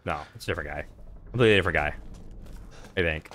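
A gaming channel host with a low voice and a fairly bright tone races through casual, profane let's play commentary, talking to himself as he plays. A little hiss or hum sits under the recording.

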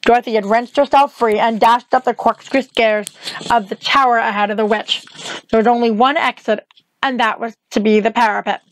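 A woman reading a novel aloud in a measured, steady way. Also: fairly high pitch, a little hiss or hum, low-quality recording. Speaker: reader.

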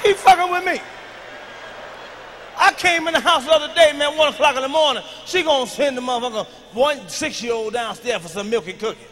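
Brief: bright, high-pitched man working a stand-up crowd, profane and shouting, with a long arena echo. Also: quick pace, hardly any pauses, a little hiss or hum. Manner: loud, profane, shouting punchlines. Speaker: stand-up comedian. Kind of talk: stand-up routine. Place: large arena stage with live audience. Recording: live arena recording with long reverb.

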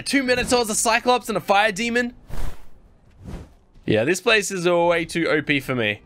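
A young Australian man giving chatty, excitable Let's Play commentary as a gaming YouTuber, talking straight to his viewers. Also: high-pitched, moderate pace, long pauses, a little hiss or hum.

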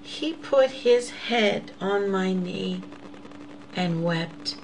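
A woman's voice: medium pitch, extremely slow, slight background noise, poor audio. A woman giving a personal faith testimony, earnest and intimate, often sinking to a whisper and calling listeners "beloveds.". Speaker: host of an inspirational show.

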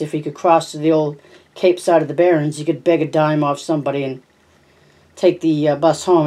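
A homemade audiobook narration at a middle pitch with a warm, dark tone. The reader trips over words now and then and backs up to fix them. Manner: frequent stumbles and self-corrections. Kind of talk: reading a novel aloud.

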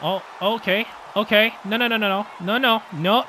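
A man hosting a gaming video, giving excitable, trash-talking gameplay commentary that swings between loud hype and low muttering. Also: normal speed, hardly any pauses, a little hiss or hum.

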